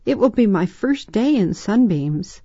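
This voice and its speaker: A woman's voice: mid-range voice, animated, measured pace, dark tone, breathy edge, dry recording, dull audio, pitched above the performer's own voice. A woman voicing an eager, earnest young girl in a storybook reading, in a raised, childlike voice. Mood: pleading. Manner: pleading, wide-eyed childlike voice.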